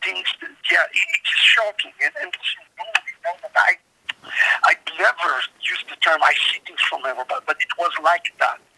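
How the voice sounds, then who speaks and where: Interviewed as an author on a show, a man earnestly recounts his story, often stumbling and starting over with emphasis. His high voice swings widely in pitch at a normal speed, sounding creaky, slightly scratchy, pushed, and bright.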